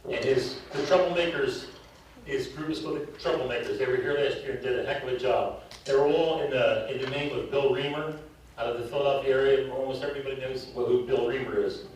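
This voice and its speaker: A man's voice: mid-range voice, a little fast, a little mellow, slight background noise. An older man teaching a live drum clinic, counting off drills and telling stories, a little out of breath. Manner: coaching, counting off and storytelling. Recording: distant mic in echoey hall.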